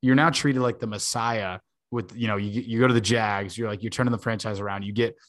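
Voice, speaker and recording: A young man co-hosting a podcast, telling stories in a profane, joking, animated way. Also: fairly low pitch, brisk, no room sound. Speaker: podcast co-host. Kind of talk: casual podcast banter.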